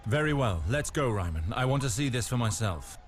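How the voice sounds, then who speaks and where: An actor playing a composed young lord who speaks in a calm, measured way. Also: male voice, medium pitch, lightly acted.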